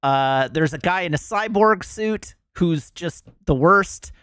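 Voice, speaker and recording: A male streamer chatting casually to his viewers, rambling with plenty of fillers. His pitch swings widely when he stresses his complaints. The sound is dry, with no room echo. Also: animated, slow, a bit bright, smooth. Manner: rambling, lots of "um" and "like", emphatic complaints.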